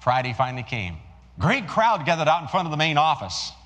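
A man preaching a sermon, rising to emphatic points and then dropping low and quiet to tell a story. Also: sing-song, brisk, long reverb tail. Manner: rises emphatically then drops to hushed storytelling.

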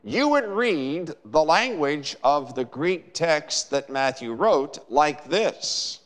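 A man preaching a sermon in a measured, emphatic way, with dramatic pauses. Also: on the high side, lively intonation. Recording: long hall reverb.

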